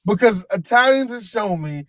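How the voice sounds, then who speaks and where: A man co-hosting a casual podcast, loud and joking, often slipping into mock mobster voices. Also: sits high, expressive, moderate pace. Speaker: podcast co-host. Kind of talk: casual chat, comic bits.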